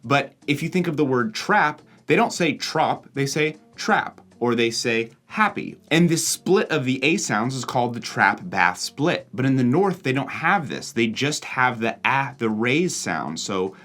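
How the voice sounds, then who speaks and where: A young American man hosting and narrating, explaining things with examples in an animated voice-over. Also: medium pitch, moderate pace, few pauses, faint music behind. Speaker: host and narrator.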